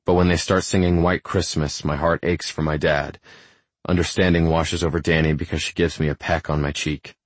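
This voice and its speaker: Super deep guy reading a romance audiobook, calm and even, dry close mic. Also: normal speed, dry recording. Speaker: audiobook narrator. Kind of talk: first-person romance narration.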